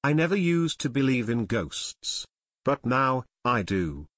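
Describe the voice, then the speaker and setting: A man's voice: medium pitch, big pitch swings, takes it slowly, fairly bright tone, no echo, full character voice. A nervous middle-aged airport tower chief, as a male narrator reads him, trembling and frightened. The voice moves up and down a lot. It is close and dry, with no room sound. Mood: shaken. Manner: shaky, frightened delivery.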